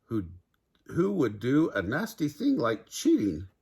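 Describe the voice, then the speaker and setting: A man's voice: wildly swooping pitch, measured pace, a little mellow, breathy edge, exaggerated voice. Field: a man doing a squealing bratty bird girl. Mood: taunting. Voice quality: squealing high falsetto. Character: bratty mischievous female bird, giggly, taunting.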